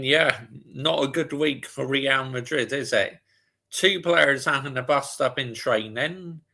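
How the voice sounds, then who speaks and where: Man, slow gravelly delivery, bright tone, casual watch-along streamer answering chat. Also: mid-range voice. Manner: chatty, reads out viewer comments and answers them. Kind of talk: casual live football chat.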